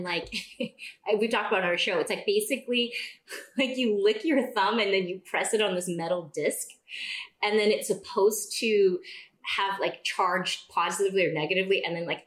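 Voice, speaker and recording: A woman guest on a podcast telling a story in casual chat, jumping into a higher voice to act out what people said. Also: roomy sound. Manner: animated, acts out quoted dialogue in a raised voice.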